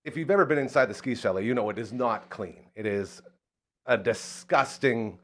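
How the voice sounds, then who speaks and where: A podcast host from Saskatchewan, he tells a story in laid-back, casual conversation, talking fast. His voice sits mid-range for a man but leaps high and excited whenever he acts out what others said.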